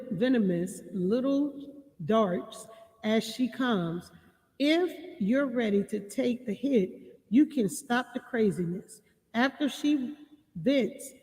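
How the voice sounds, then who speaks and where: A woman giving relationship advice to her viewers, reading passages and repeating key lines slowly for emphasis. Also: fairly high pitch, expressive, a little mellow, in a large hall. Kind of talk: reading and commenting on a marriage book.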